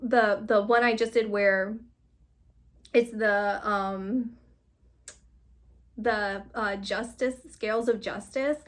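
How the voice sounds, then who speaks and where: A woman's voice: medium pitch, fairly even intonation, takes it slowly, pauses often. A woman giving a casual tarot card reading, rambling and encouraging, and often breaking into laughter. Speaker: tarot reader.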